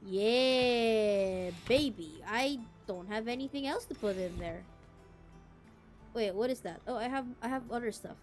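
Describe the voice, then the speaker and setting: A young woman from the Philippines streaming a game, chatting casually in a deliberately cute, girlish voice. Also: fairly high pitch, soft background music. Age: young adult. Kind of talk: casual gameplay chat.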